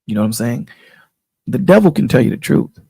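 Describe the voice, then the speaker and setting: A man with a gravelly, husky voice, pitched a little high and dark in tone. He talks in a casual, preachy way and keeps checking in with his listener. The sound is dry and close, like a voice call. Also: expressive, brisk, dry recording. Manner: preachy, emphatic, repeats "you know what I'm saying". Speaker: channel host on a panel call. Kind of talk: casual chat.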